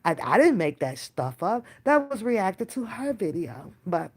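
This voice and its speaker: A woman's voice: medium pitch, a little slow. A woman hosting a reaction channel, chatting casually with her live viewers, swearing freely and talking in slang. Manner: animated, swearing, slangy, talks to chat directly. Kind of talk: casual live-stream chat.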